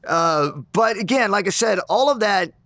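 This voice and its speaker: A man being interviewed, retelling an old grudge in an intense, animated way with many restarts. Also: sits high, moderate pace, no room sound, studio quality. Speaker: interview guest, former fighter. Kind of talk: storytelling in a sit-down interview.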